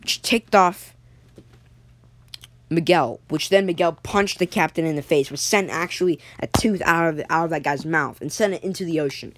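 A young storyteller improvising a story episode, halting, with frequent restarts and self-corrections. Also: mid-range voice, fairly bright tone.

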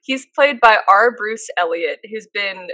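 A woman's voice: medium pitch, animated, measured pace, sharp tone, no room sound, low-quality recording. A woman co-hosting a podcast, chatting casually and telling stories with lots of fillers. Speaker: podcast co-host. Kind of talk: casual chat.

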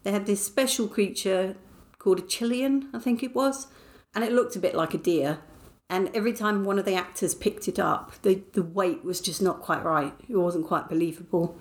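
A woman's voice: medium pitch, moderate pace. A middle-aged woman from England hosting her podcast, chatting in a casual diary style, self-mocking and laughing often. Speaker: podcast host.

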